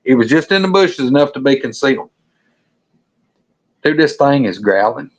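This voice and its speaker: A man's voice: medium pitch, expressive, moderate pace, low-quality recording. A man from the South with a Southern US accent, a show guest recounting an encounter in a folksy, blunt and profane storytelling manner. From Alabama.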